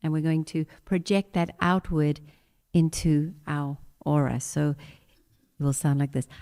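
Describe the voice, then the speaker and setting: A woman leading a guided meditation and breathwork in a church service, speaking gentle instructions and repeating affirmations. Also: low voice, level tone. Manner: slow, gentle spoken guidance with repeated affirmations.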